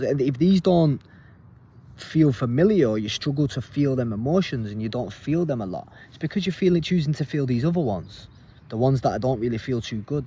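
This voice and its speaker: A man's voice: medium pitch, darkish tone, slight background noise. A man giving a casual, earnest self-help talk as a coach, plain-spoken and repeating his points.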